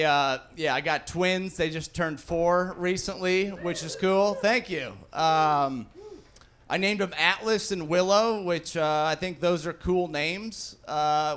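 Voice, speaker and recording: On a club stage with a live crowd, a man in his thirties performs a relaxed stand-up set in a fairly bright, higher-pitched voice. He swears freely and imitates the people he quotes in his stories.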